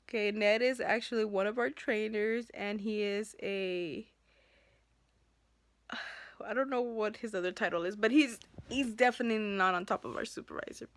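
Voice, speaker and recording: A woman telling an unscripted story of a clash at work straight to camera. She talks heated and animated, addressing her viewers like a close friend. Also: medium pitch, moderate pace, no room sound. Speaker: school bus driver.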